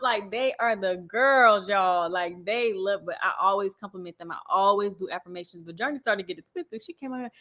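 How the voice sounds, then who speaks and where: A young woman talking casually to her livestream viewers, reading and answering comments as they come in. Her speech is loose and chatty, often broken by laughter. Her voice sits at an ordinary middle pitch. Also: normal speed, hardly any pauses, pushed and bright. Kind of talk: casual chat.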